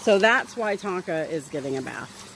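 A woman's voice: low-pitched, animated, normal speed, fairly bright tone, a little hiss or hum. Chatty woman bathing her dog. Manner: chatty, talks to her dog in a coaxing sing-song. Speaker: dog owner vlogger. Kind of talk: casual vlog narration. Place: outdoors by a pool.

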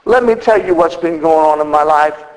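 A man's voice: on the high side, a little fast, a little mellow, in a large hall, pitched below the performer's own voice, natural voice, low-quality recording. A man playing a mournful older fellow in a joke told during a sermon. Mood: mopey. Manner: mopey, complaining. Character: gloomy old man, mournful.

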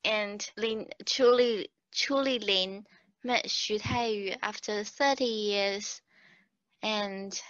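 A woman co-hosting a podcast in casual chat, measured and unhurried, prompting her partner with questions. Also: mid-range voice, fairly even intonation, a bit bright, dry recording. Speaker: podcast co-host. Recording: dull, dry lo-fi recording.

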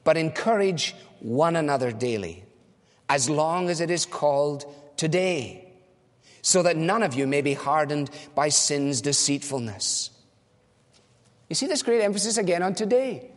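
A man delivers a sermon as a pastor, earnest and direct, posing questions and answering them himself. His voice sits high for a man. The sound hangs in a long, reverberant hall. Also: lively intonation, unhurried. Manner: earnest preaching with rhetorical questions.

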